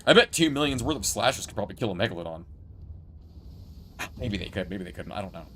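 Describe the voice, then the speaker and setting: A man giving relaxed, chatty commentary while playing a building game, joking with his chat as he goes. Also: lowish voice, fast talker, slight background noise. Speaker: gameplay streamer.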